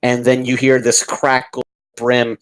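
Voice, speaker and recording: A man's voice: medium pitch, completely flat delivery, measured pace, rough recording. A man narrating as dungeon master, describing the scene vividly and rambling with fillers. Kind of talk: narrating a tabletop game.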